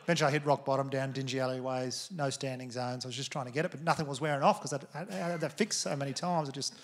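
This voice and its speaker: A man in his thirties with an Australian accent, doing stand-up comedy with crude, exasperated rants and loud outbursts. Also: mid-range voice, steady tone, very fast. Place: theatre stage before a laughing audience. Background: audience laughter.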